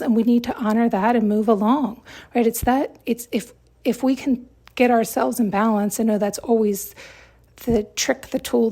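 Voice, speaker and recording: A woman's voice: medium pitch, darkish tone. A woman hosting a podcast and giving an emphatic self-help monologue, repeating herself and often checking in with "right?". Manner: emphatic, repetitive, frequent tag questions. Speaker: podcast host.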